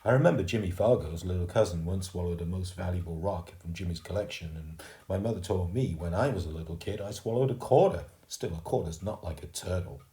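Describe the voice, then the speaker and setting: Low-voiced man reading a children's book. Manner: slow, expressive reading. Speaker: storyteller. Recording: roomy echo.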